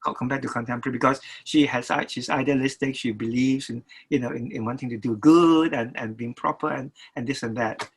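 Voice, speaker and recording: Older man, husky and halting. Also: mid-range voice, steady tone, low-quality recording. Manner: halting, many restarts and repeated words. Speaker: record label producer. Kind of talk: interview guest talk.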